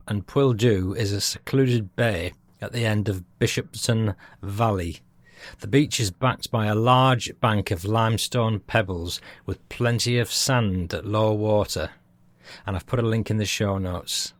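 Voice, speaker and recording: A man's voice: lowish voice, no echo. A man hosting a podcast, chatting through listener feedback and chuckling at his own jokes. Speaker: podcast host.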